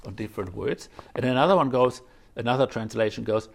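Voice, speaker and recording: With a gravelly, medium-pitched voice, a man offers a contemplative dharma talk as a Zen teacher. He returns to phrases repeatedly and uses "you know" to fill the gaps.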